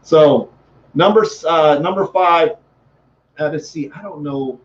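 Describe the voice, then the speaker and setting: A man's voice: fairly high pitch, a little slow, dull audio. A man giving a motivational talk as a sales coach, fervent and repetitive, often restarting his sentences.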